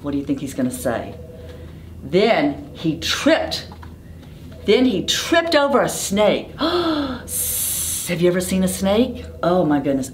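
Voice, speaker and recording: Woman, storytime reader, slow, lively up-and-down delivery, asks children questions, faint background noise. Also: fairly low pitch, roomy sound. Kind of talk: reading a picture book aloud to children.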